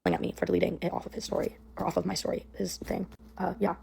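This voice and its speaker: A woman's voice: fairly low pitch, level tone, fast talker, gravelly, darkish tone, husky. A young woman telling a personal story in a casual, rambling way, full of "like" and "um". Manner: rambling, heavy use of "like" and "um". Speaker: storyteller in a played clip.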